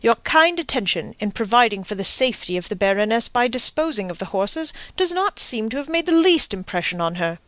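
A woman's voice: on the high side, big pitch swings, brisk, few pauses, no room sound. Woman reading as a polished scheming count. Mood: ironic. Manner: polished, courteous, quietly ironic. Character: cool, scheming, courteous nobleman.

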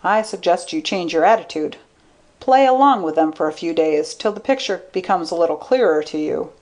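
Woman playing a shrewd man, calm, measured, thoughtful, lowish voice, story reading. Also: lightly acted.

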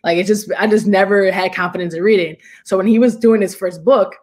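A young woman chatting loosely as a guest on a talk show. Her voice sits at a middling pitch. She keeps piling on "like" and "you know" as she rambles through her story. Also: steady tone, a little fast, a little mellow. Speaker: interview guest, basketball player. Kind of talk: casual storytelling.

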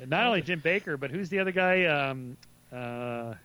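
A man's voice: a little high, animated, moderate pace, bright, forceful tone. A man speaking as a guest author in a casual radio interview, hesitant and full of fillers and restarts.

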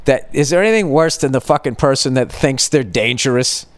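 A man's voice: medium pitch, lively intonation, fairly quick, dry recording. A man in his fifties hosting a podcast, telling a rambling, profane comedic story with lots of restarts. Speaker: podcast host.

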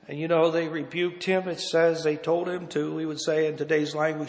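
A man preaching a sermon and reading scripture, rising to loud impassioned cries and dropping to hushed low lines. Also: level tone, fairly quick, hardly any pauses. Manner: reads scripture in old-fashioned wording. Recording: long hall reverb.

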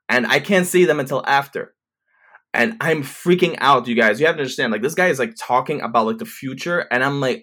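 Talking to camera, a man in his twenties retells a story quickly and profanely, rambling casually and restarting often. His voice is medium-pitched with a sharp tone.

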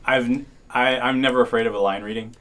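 A man's voice: medium pitch, fast talker. A man who is a voice actor, chatting casually and acting out his own reactions as he tells stories. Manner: animated storyteller, acts out his own reactions. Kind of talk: casual panel discussion.

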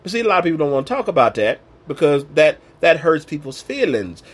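Male preacher, slightly high, husky, emphatic and casual. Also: very animated, fast talker. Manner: emphatic, colloquial preaching with acted-out quotes. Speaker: Bible teacher. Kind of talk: informal sermon.

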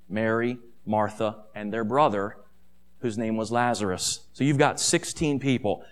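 Animated high-pitched male preacher. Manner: emphatic, repeats phrases, rhetorical questions. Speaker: pastor. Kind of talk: sermon.

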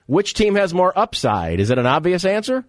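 A man hosting a sports talk radio show, upbeat and quick with his interjections as he brings in callers and guests. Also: sits high, very animated, no echo, clean studio sound.

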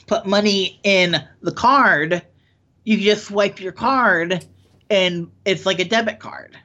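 A man's voice: sits high, slow, pushed and bright. Man reading odd news, dull sound. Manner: reads news items, stumbles and corrects himself. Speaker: podcast co-host. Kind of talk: casual news chat.

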